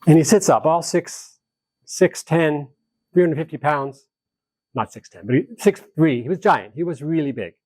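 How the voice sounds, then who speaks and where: A man speaking as a conflict mediator at a seminar, telling a story with animated energy and acting out the people in it. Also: on the high side, normal speed, no room sound. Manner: animated, acts out quoted dialogue in the story. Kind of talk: storytelling lecture to a live group.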